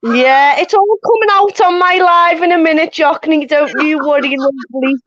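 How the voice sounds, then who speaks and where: A woman with a very high-pitched voice rants at the stream host in a scolding, sarcastic tone. She comes through dry and close, with no room sound. The audio is dull and lo-fi. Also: moderate pace, a bit bright, dry recording. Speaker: guest on a live stream. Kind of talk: mock-angry ranting call-in.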